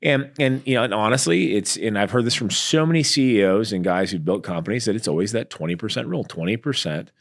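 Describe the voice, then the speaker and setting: A middle-aged man with a slightly low voice talks through his business experience in a casual interview. He is animated and tells stories, switching into the voices of the people he quotes. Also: fast talker, vocal fry, few pauses. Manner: animated storyteller, acts out quoted exchanges. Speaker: entrepreneur guest.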